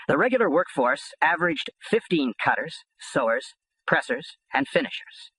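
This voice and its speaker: A man narrating an audiobook in the first person, blunt and streetwise. His voice is bright and slightly husky, with animated pitch and a dry, close sound. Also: no echo, rough recording.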